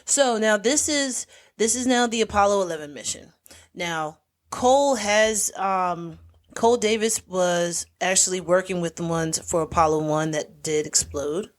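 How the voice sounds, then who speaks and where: Animated woman retelling a movie plot. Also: on the low side, unhurried. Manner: animated storyteller, acts out quoted lines. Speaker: podcast co-host. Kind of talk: casual chat recapping a movie.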